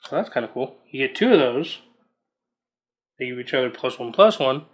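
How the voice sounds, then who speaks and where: A man's voice: mid-range voice, lively intonation, normal speed. A man casually reading out trading card text as he opens booster packs, musing aloud between cards. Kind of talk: casual unboxing commentary.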